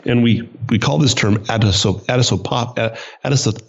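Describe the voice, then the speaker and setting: A man's voice: medium pitch, a little fast, gravelly, highs cut off. A man co-hosting a podcast as the doctor, explaining at length with frequent hesitant restarts. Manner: hesitant, many restarts and fillers. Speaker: doctor co-host. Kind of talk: casual podcast chat.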